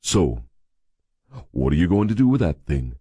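A man narrating an audiobook, voicing a powerful older male boss who speaks in a clipped, assured, unhurried way. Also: extremely low pitch, very animated, mellow, husky, no room sound, dull audio, voice pushed down, exaggerated voice. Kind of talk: audiobook dialogue.

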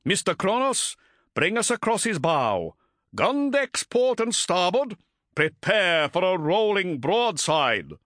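Brief: a man playing a proud, grim male warship captain with a raised, slow, weighty delivery. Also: fairly high pitch, big pitch swings, bright, forceful tone, dry recording, clean studio sound, pitched above the performer's own voice, full character voice. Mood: commanding. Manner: grave, measured commands.

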